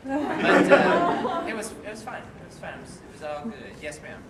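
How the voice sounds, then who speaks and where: A man's voice: high voice, wildly swooping pitch, moderate pace, over a noisy crowd. A man, a voice actor and director, chatting through a panel Q&A with fillers and laughs. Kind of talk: casual panel Q&A. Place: convention panel room. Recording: echoey hall from far off, noisy.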